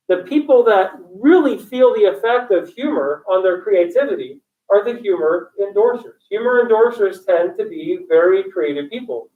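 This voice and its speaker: High-voiced joking male lecturer, echoey room. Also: a little mellow. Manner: joking, digressive, quizzes students. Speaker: college instructor. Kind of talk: classroom lecture. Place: classroom. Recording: echoey classroom, distant dull mic.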